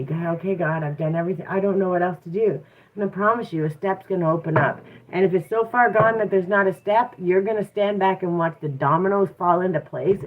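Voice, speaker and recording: A tarot reader talking candidly in a casual live stream, often checking in with listeners by asking "right?". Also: mid-range voice. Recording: tinny phone-like sound.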